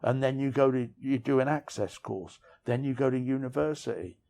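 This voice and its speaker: A man's voice: mid-range voice, a little fast, creaky, dark tone. A middle-aged man, an author, telling candid, rambling stories of his past outdoors on city streets, frank and self-deprecating. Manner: rambling, frank, self-deprecating, peppered with "you know what I mean". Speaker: author interviewee. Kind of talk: candid storytelling conversation.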